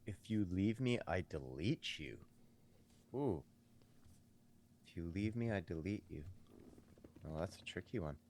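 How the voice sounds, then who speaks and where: Deep-voiced man cheering on podcast guesses. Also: lively intonation, unhurried, long pauses, darkish tone, a little hiss or hum. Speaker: podcast co-host. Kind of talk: casual banter podcast.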